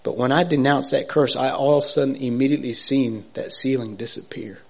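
Speaking briskly in a gravelly, medium-pitched voice, a man gives a heartfelt personal faith testimony. It wanders, full of restarts and side remarks to the audience, as he swings between near-whispers and sudden excited loudness.

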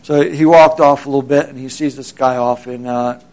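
A man's voice: medium pitch, steady tone, moderate pace, darkish tone. A man casually telling a long anecdote, with many fillers and restarts, briefly acting out the people in it. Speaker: storyteller. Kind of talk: casual spoken storytelling.

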